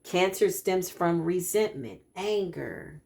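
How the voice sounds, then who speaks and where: Brief: lower-voiced woman, spiritual card reader, emphatic and animated, repeats herself for emphasis. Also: slow, gravelly. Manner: animated, emphatic, preacher-like repetition. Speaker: spiritual practitioner giving a card reading. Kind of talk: spiritual talk to followers.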